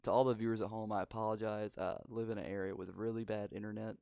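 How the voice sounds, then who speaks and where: A man's voice: lowish voice, flat delivery, fast, gravelly, a crowd in the background. A teenage boy hosting a casual podcast chat, rambling and laid-back. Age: teens. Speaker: podcast host. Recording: dry home recording over spotty internet.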